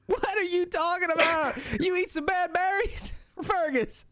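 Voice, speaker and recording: Gamemaster doing a high laughing kobold buddy, Dom. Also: a little slow, a bit bright, a little hiss or hum. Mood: groggy amused. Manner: high-pitched, drawling, laughing. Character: easygoing male kobold camper, laid-back buddy.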